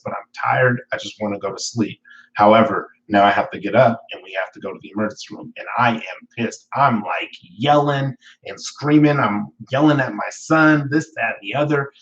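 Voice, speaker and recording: Candid man, low voice, lo-fi stream. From Northern California. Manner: candid, reflective, uses fillers and self-corrections. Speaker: weekly talk show host. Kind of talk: live motivational talk, personal story.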